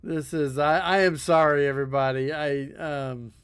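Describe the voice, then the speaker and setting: A man streaming a game, casually reading corny jokes aloud and breaking into high, tearful laughter at them. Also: fairly even intonation, normal speed, smooth. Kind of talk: casual live-stream chat.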